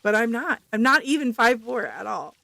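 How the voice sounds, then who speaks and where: A woman's voice: on the high side, animated, moderate pace, gravelly, sharp tone, dry recording. Chatty woman streamer, dry sound. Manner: chatty, laughs often, reads chat aloud. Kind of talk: casual game stream chat.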